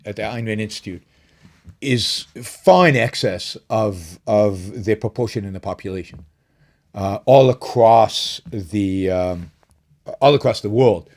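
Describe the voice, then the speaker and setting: Chatty middle-aged man, lively emphatic pitch. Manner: rambling with many fillers and restarts, pitch rising when emphatic. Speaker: show host. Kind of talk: casual live-stream talk.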